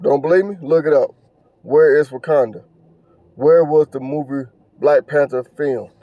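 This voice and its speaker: A man's voice: fairly high pitch, normal speed, dry recording, highs cut off. A man hosting a podcast, talking on his own in a casual, earnest and preachy way, repeating phrases and stumbling over fillers. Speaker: podcast host. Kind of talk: casual monologue commentary.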